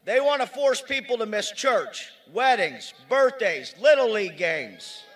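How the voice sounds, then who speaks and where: A man from Erie, Pennsylvania, a union speaker giving a rousing rally speech outdoors, shouting his slogans. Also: high-pitched, lively intonation, measured pace, noisy background.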